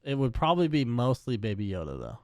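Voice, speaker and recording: A man's voice: medium pitch, very animated, quick pace, dry recording, clean studio sound. A young man co-hosting a casual podcast chat, joking dryly and swearing casually. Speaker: podcast co-host.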